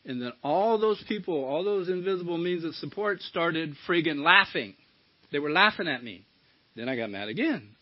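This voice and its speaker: A man's voice: fairly high pitch, animated, normal speed. A middle-aged man giving a candid personal share at a recovery meeting, swearing casually as he tells his story. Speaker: recovery speaker. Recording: dull lo-fi talk recording.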